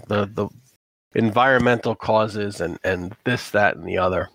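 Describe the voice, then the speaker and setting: A man narrating a tabletop role-playing game as game master, talking in a halting way with many restarts and fillers. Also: mid-range voice, a bit bright, no echo.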